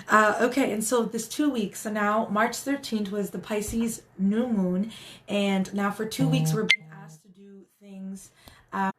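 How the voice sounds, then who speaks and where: A woman's voice: medium pitch, steady tone, a little slow, a little hiss or hum. A woman hosting a casual live stream as a spiritual guide, talking in an earnest, encouraging way with many restarts.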